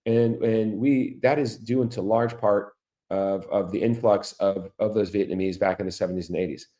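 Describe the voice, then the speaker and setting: A man's voice: lowish voice, fairly even intonation, moderate pace, mellow. A middle-aged man from Florida hosting a podcast, talking to listeners in a chatty monologue and throwing them rhetorical questions. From Orlando, Florida. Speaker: podcast host. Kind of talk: casual monologue.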